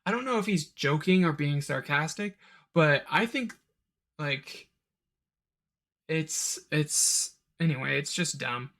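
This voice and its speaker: A man's voice: lively intonation, a bit bright. A man hosting a solo podcast and reviewing a film, rambling with asides and mimicking characters' lines. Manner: rambling, quick asides, mock-quotes characters in a higher voice. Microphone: home recording of a live stream.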